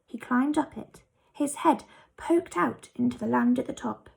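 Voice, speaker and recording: Gravelly woman reading a storybook. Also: a little high, a little slow. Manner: lively, expressive. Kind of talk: reading a children's book aloud.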